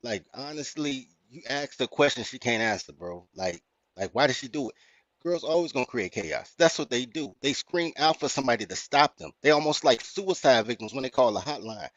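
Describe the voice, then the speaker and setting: A man with a Chicago accent, hosting a podcast and telling a story in a blunt, profane, animated rant. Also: medium pitch, brisk, no echo. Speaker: podcast host. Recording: dry, muffled lo-fi audio.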